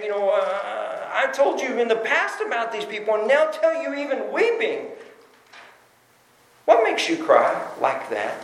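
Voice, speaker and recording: Preaching as a pastor, this man speaks with a high-sitting, fairly bright voice, delivering an emphatic sermon packed with rhetorical questions. The recording has a roomy echo.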